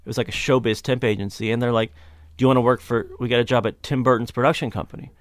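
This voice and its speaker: A man's voice: medium pitch, fairly even intonation, racing, no echo, studio quality. A man from Kentucky, a comedian guest telling a story in a casual interview, rambling, swearing and restarting often. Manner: rambling, profane, frequent restarts.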